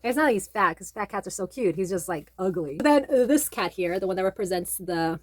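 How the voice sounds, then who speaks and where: A woman's voice: medium pitch, a little fast. A woman vlogger chatting casually about manga and retelling a story in a rambling way, full of fillers.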